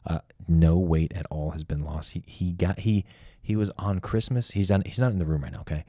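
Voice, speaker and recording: A young man co-hosting a podcast, with a fairly low voice that sounds dry and close to the mic. He rambles loosely, cursing and joking with his friend. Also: brisk, mellow, no echo. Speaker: podcast co-host. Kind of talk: casual crude podcast banter.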